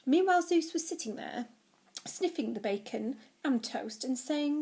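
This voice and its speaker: A woman teacher reading a children's novel aloud to her class, telling it in a lively way. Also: fairly high pitch, normal speed.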